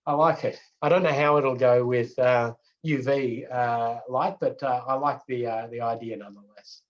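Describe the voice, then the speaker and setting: A man teaching a road safety course online, in a relaxed, chatty way with many fillers and restarts. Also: medium pitch, moderate pace, highs cut off.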